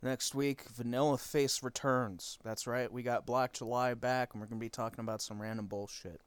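A man giving a loud, upbeat scripted sign-off as podcast host. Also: mid-range voice, steady tone, moderate pace, clean tone, no echo.

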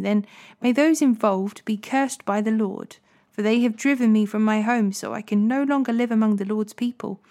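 A woman reading the words of a young male warrior, David, aloud from scripture, lifting her pitch on his emphatic lines. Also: mellow, lightly acted.

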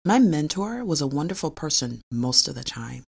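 A woman's voice: deep voice, very animated, normal speed, gravelly, a little mellow, breathy edge. A middle-aged woman, a physician and researcher, telling a personal story in an earnest, confessional way with small laughs.

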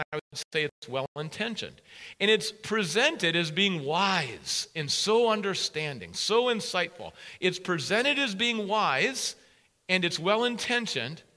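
A man's voice: sits high, pushed and bright. A man preaching a sermon as a pastor, emphatic and repeating key phrases for weight.

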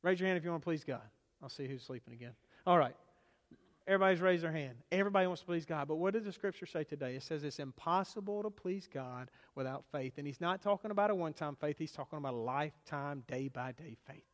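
A man with a high voice preaches a sermon in a church sanctuary. He moves from loud, stressed lines to hushed near-whispers and back. The sound rings with a long hall reverb. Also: expressive, fast talker. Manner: preaching with dramatic swings from loud to hushed, acting out quoted voices. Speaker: pastor.

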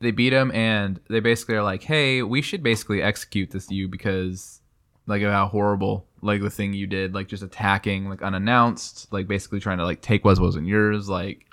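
Low-voiced man, laughing book chat. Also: fairly even intonation, brisk, a bit bright. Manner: enthusiastic, laughs often, reads passages aloud. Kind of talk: casual book discussion.

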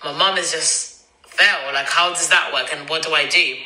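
A woman's voice: deep voice, steady tone, normal speed, bright, forceful tone. A woman, telling a personal story as podcast host in a chatty way, acting out dialogue and using many fillers. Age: 20s. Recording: roomy echo.

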